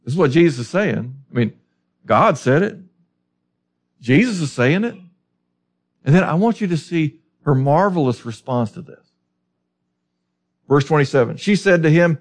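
Man preaching, emphatic, rhetorical questions, animated pitch, slightly high voice. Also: moderate pace, long pauses. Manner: lively, emphatic Bible teaching with rhetorical questions. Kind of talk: sermon.

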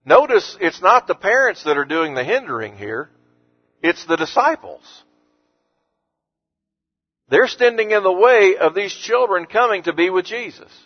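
A man with a notably high voice preaches a sermon in an earnest, pressing way. His tone climbs to emphatic force on the scripture he quotes. The recording sounds dull and lo-fi. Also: big pitch swings, unhurried, pauses often. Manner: earnest, rising to emphatic when quoting Jesus. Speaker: pastor.

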